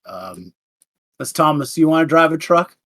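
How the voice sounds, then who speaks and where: A man's voice: on the high side, lively intonation, normal speed, fairly bright tone. A man narrating as game master of a tabletop game, rambling with many fillers.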